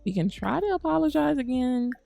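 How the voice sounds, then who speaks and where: Gravelly woman chatting over a game. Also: high voice, lively intonation, fairly quick, dark tone, no echo, faint music behind. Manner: chatty, uses "y'all" and "girl". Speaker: gaming channel host. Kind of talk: casual gameplay commentary.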